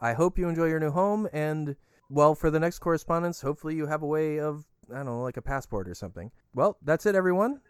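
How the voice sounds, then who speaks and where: A man hosting a comedy podcast, giving a casual, quick sign-off. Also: a little high, animated, smooth, no room sound, clean studio sound. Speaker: podcast host.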